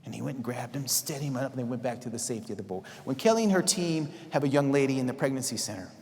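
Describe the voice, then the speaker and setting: A man giving a sermon-style talk that quizzes the audience and swings between loud calls and hushed lines. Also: medium pitch, expressive, very fast, big-room sound, slight background noise. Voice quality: dynamic, shifting from loud to hushed. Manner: preachy, asks audience questions, acts out quotes. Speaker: speaker.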